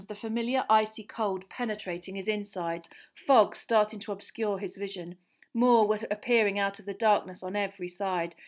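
A woman narrating a fantasy novel aloud with tense, expressive storytelling that builds suspense. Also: medium pitch. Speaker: audiobook reader.

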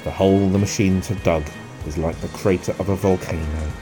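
A man reading a children's story aloud at a steady, measured pace. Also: deep voice. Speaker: narrator.

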